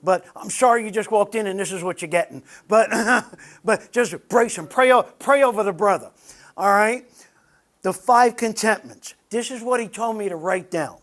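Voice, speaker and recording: A man's voice: sits high, normal speed, a bit bright. A man giving a conversational sermon to a men's group, earnest and personal, speaking straight to the people in the room. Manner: earnest, personal, addresses the audience directly. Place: meeting room with a live audience.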